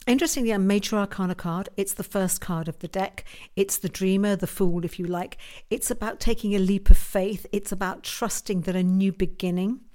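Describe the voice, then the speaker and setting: A woman's voice: mid-range voice, darkish tone. A woman giving tarot card readings on a live stream, earnest and musing, with hesitant restarts as she answers viewer comments. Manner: reads viewer comments aloud and answers them.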